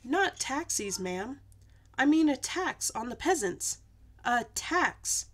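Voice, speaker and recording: A woman's voice: high-pitched, very animated, slow, a bit bright, pitched above the performer's own voice, exaggerated voice. A woman voicing a fussy male palace purser in a storybook read-aloud, with a prim, precise delivery.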